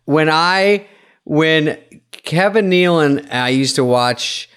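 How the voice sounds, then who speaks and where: A man's voice: a little high, slow, clean tone. A man co-hosting a podcast, animatedly telling comedy stories in casual chat. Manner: animated storyteller, acts out voices. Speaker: podcast co-host.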